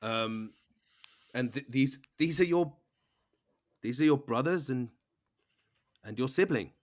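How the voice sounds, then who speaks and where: A man's voice: medium pitch, lively intonation, slow. A man narrating as game master, rambling with fillers and restarts. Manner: rambling, lots of fillers and restarts, laughs along.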